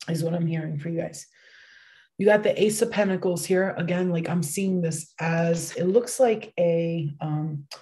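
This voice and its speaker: A young woman doing a casual tarot reading, excitable and swearing freely, with bursts of exclamations. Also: on the low side. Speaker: tarot reader.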